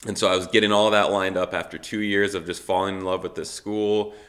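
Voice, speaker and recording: Deep voiced missionary guy in his 30s telling his story, acts out the dialogue, lots of "like". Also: brisk. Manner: animated storytelling, acts out quoted dialogue with many fillers. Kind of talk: casual personal testimony.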